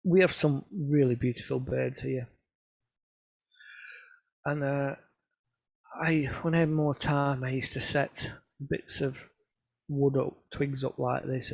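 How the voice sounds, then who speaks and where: A man's voice: mid-range voice, little pitch movement, measured pace, vocal fry, a little mellow, slightly rough, dry recording. A man telling chatty, self-mocking photography stories to a club over a video call. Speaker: photographer giving a club talk. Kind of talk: casual anecdotal presentation.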